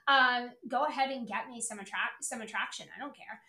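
A woman's voice: fairly high pitch, brisk, pushed and bright, reverberant. A middle-aged woman hosting a podcast, ranting bluntly and profanely about selling as a coach. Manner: profane, brash, emphatic. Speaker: podcast host, sales coach. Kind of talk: blunt motivational podcast rant.

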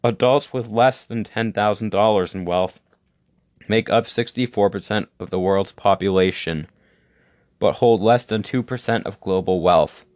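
A young podcast host with a low, darkish voice talks a little slowly through a casual monologue, confident in his views and rambling with plenty of "like" and false starts. The audio is close and dry, without echo.

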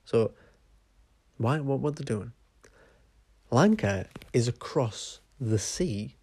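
A man's voice: mid-range voice, lively intonation, takes it slowly, a little mellow, husky, dry recording. A man hosting a podcast, telling a story in a chatty, sweary way. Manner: chatty, sweary, says "right?" often. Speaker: podcast host. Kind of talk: casual storytelling.

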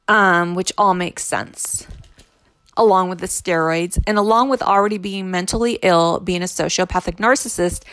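In a studio-quality recording with no echo, a middle-aged woman with a fairly low voice tells of her ex-husband's cheating, frank and fed up, imitating what people said to her in a casual personal story.

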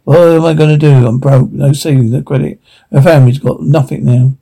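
An actor playing a broke, bitter blue-collar father in an animated comedy, ranting profanely and full of self-pity. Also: medium pitch, brisk, vocal fry, breathy edge.

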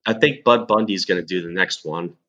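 Bright-voiced blunt guy. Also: low voice, brisk, dull audio. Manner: blunt, sarcastic, swears a lot. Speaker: podcast co-host. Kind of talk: casual chat.

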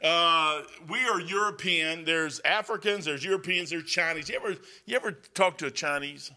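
Man preacher, folksy and rambling, bright forceful tone, slightly high voice. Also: normal speed. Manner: reads scripture aloud in old-style wording. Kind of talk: sermon with personal stories.

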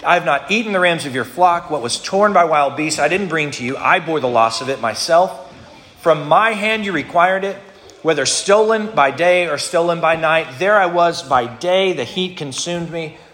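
A man's voice: fairly high pitch, lively intonation, normal speed, fairly bright tone. A man voicing an angry, wronged herdsman who protests his innocence with emphatic force. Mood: indignant. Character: indignant wronged herdsman defending himself.

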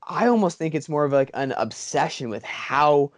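A man's voice: on the high side, expressive, moderate pace, no room sound, studio quality. A man hosting a podcast, asking questions in an enthusiastic, rambling way full of fillers. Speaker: podcast host. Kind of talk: podcast interview.

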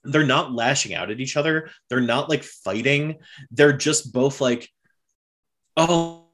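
A man in casual conversation, eagerly retelling a story with lots of fillers and quick bits of acted-out dialogue. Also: mid-range voice. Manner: animated storyteller, many fillers, acts out characters' lines. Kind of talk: casual chat recapping a period drama.

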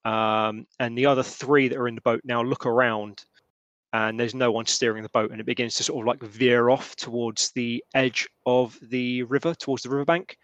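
A man narrating as game master of a tabletop role-playing game, halting and full of restarts. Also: mid-range voice, fairly even intonation, fairly bright tone, no echo, highs cut off. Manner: halting, lots of restarts and fillers.

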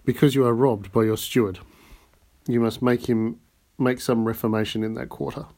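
A man's voice: mid-range voice, fairly even intonation, normal speed, dark tone, lightly acted. A man reading the lines of a composed, courteous rich nobleman in an audiobook.

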